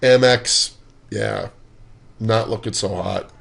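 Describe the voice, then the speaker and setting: Low-voiced man walking through stock charts. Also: huge pitch swings, slow pace, vocal fry, fairly bright tone. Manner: loose and conversational, dry sarcastic asides. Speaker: stock market analyst. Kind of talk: casual chart walkthrough.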